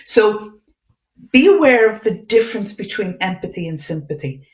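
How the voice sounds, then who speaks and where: Female webinar panelist, earnest, animated, lo-fi call audio. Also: medium pitch, normal speed. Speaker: webinar panelist, coaching expert. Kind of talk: conversational webinar talk.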